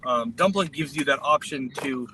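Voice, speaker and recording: A man with a bright, sharp-edged voice explains his view at length as he drives, filling the pauses with ums while he thinks it through. Faint road noise hums behind him in the car. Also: mid-range voice, rough recording. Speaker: delivery driver. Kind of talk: casual chat while driving.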